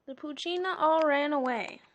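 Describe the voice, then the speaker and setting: A woman reading a children's storybook aloud, breaking off for casual, amused comments. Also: high-pitched. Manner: slow, chatty, amused asides. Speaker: reader.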